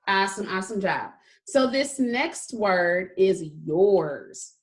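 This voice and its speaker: A woman's voice: medium pitch, expressive, slow. A woman teaching a kindergarten phonics lesson, patiently stretching out sounds and praising often. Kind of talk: slow phonics lesson for young children.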